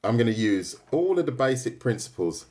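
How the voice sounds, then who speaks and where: Chatty man teaching drawing, lively. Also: medium pitch, fairly quick. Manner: casual, chatty, laughs easily, says "right?" and "mate" often. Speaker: art tutor streaming live. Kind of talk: live drawing tutorial, chatting with viewers.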